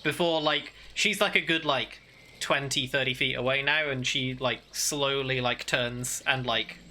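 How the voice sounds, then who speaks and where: A man's voice: mid-range voice, fairly even intonation, a little slow, bright, forceful tone, a little hiss or hum. A man with a British accent, narrating a tabletop game as game master in a hesitant, filler-heavy way.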